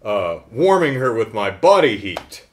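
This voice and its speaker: A man's voice: lowish voice, very animated, unhurried. A man casually recapping a horror film in a joking, sarcastic way. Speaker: film reviewer.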